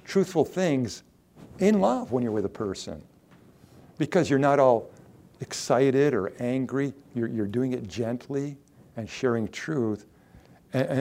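A male pastor giving a conversational sermon, slowing down to stress key words, then closing in prayer. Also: medium pitch, creaky, dark tone. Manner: conversational preaching with emphatic slow stresses.

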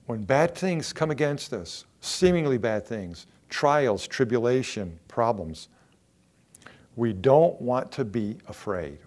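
A man preaching a sermon, earnest, repeating key phrases for emphasis and swinging between quiet and emphatic delivery. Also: mid-range voice, animated, slow. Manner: earnest, repetitive emphasis, rising and falling in intensity.

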